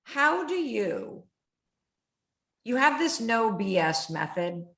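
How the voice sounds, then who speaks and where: A middle-aged woman hosting an interview, telling stories in an animated, vivid way. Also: fairly high pitch, slow, gravelly. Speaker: host. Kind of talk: conversational interview. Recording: roomy echo.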